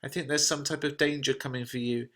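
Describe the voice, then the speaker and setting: A man's voice: mid-range voice, fairly even intonation, fast, a bit bright, lightly acted. Humble, urgent messenger, earnest in tone, voiced by a male reader. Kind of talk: reading a play translation aloud.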